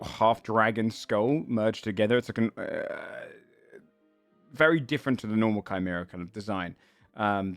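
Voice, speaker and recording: A man running a tabletop game as game master, describing the scene in halting, filler-laden narration. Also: on the low side, a bit bright, no room sound.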